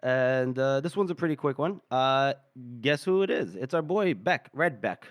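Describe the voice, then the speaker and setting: A man's voice: mid-range voice, animated, normal speed, dry recording. A man hosting a podcast, loosely retelling a chapter with fillers and laughs. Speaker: podcast host. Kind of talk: casual chapter recap.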